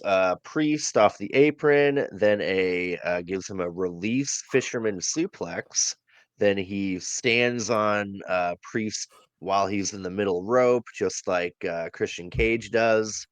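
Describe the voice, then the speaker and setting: Man, low voice, slow unhurried pace, casual podcast recap, dry close sound. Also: clean tone, no room sound. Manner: relaxed recap with many ums and uhs, laughs easily. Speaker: podcast co-host. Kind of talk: casual wrestling review chat.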